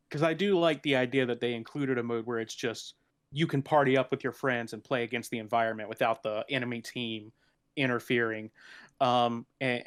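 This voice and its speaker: A man's voice: mid-range voice, clean tone. A man talking casually on a gaming podcast. He restarts his sentences often and laughs between points. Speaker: podcast panelist.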